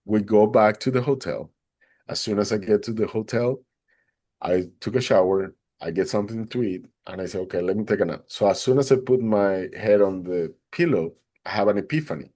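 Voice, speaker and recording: A man, a podcast guest, recounting a personal experience in an animated way and acting out the others' lines. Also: fairly low pitch. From Atlanta, Georgia, USA. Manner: animated, acts out the other people's lines in a raised voice. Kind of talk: personal storytelling.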